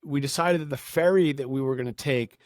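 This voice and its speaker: A man spinning casual storytelling as a podcast guest, his voice close and dry with no room sound. He sits at a middle pitch for a man and keeps the telling animated, slipping into the voices of people he quotes. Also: brisk, dry recording.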